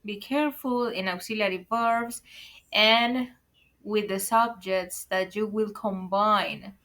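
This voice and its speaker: Slow, bright-voiced woman teaching English. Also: mid-range voice, steady tone, rough recording. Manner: careful explanations, repeated warnings to be careful; addresses viewers as guys. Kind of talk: online language lesson.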